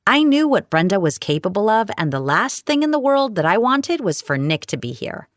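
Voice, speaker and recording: A woman narrating a romance audiobook in the first person, with wry, expressive storytelling. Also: mid-range voice, normal speed, no room sound, clean studio sound.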